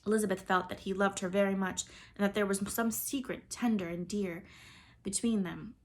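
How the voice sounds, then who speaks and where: Lady reading an old kids' novel aloud, even and expressive. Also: mid-range voice, normal speed. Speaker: audiobook reader. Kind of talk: storybook narration.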